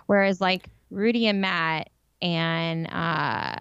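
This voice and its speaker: Speaking slowly, this podcast co-host gives a blunt, opinionated take on a TV show in relaxed chat, packed with "like". She has a fairly low, slightly bright voice that sounds clear and resonant. It's a dry recording with the high frequencies cut off.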